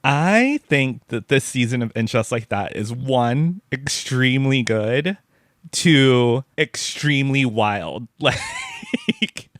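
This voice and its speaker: A man's voice: mid-range voice, expressive, slow pace, dry recording, studio quality. A man talking as a guest in a casual interview, chatty, full of filler words and laughing often. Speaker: pop culture writer and guest.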